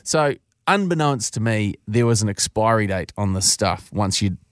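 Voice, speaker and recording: A New man swapping crude stories on a casual podcast, often breaking into laughter. His pitch rises and falls widely, recorded dry and close. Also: lively intonation, normal speed, no echo. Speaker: podcast co-host.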